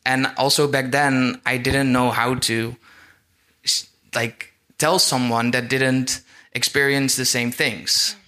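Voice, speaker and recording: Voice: mid-range voice, steady tone, takes it slowly, pushed and bright. A panel guest speaking plainly about starting a gym. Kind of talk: live panel conversation.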